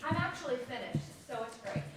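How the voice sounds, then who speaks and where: A woman speaks up at a council meeting in a high voice, pressing her point with emphasis and blame. She is heard from a distance in a very echoey chamber, with faint ambience behind her. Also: expressive, fairly quick, noisy background. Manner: emphatic, accusatory, with nervous laughs. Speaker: public commenter at a council meeting. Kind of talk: public comment speech.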